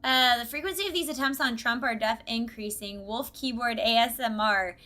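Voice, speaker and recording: Woman live-streaming a game, bubbly, giggly, chatty, bright voice, fairly high pitch. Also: moderate pace. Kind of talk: casual gaming live-stream chat.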